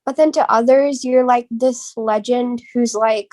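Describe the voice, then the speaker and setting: High-voiced young woman, hesitant chat. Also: steady tone, slow pace, a little mellow. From United States. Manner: filler-heavy, hesitant. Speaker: podcast co-host. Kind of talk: casual chat.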